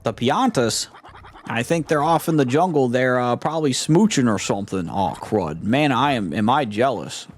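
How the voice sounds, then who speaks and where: A young man narrates his video game playthrough in a loose, joking way, rambling along with slang. His voice sits at an ordinary middle pitch, with faint game music playing underneath. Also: lively intonation, moderate pace. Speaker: gaming streamer. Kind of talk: casual let's play commentary.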